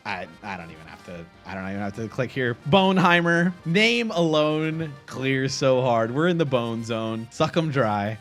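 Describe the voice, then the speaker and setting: A young man hosting a casual stream, reacting with excitable laughter and animated commentary. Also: mid-range voice, normal speed, few pauses, faint music behind. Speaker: streamer host.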